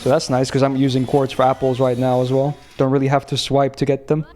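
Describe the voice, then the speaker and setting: A man's voice: mid-range voice, completely flat delivery, quick pace, mellow, soft background music. A young man from Finland chatting casually on a game stream, rambling and laughing as he answers chat.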